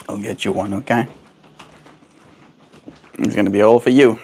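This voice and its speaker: A man livestreaming at home. He chats casually with his viewers and talks baby talk to his pet birds in a high, cooing voice. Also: normal speed, long pauses, noisy background.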